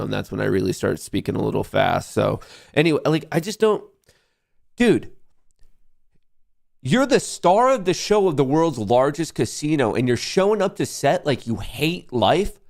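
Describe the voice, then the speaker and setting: A young man hosting a live market stream, ranting in a loud, profane and sarcastic way. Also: medium pitch, animated, normal speed, vocal fry. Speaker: livestream host. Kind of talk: live market commentary rant.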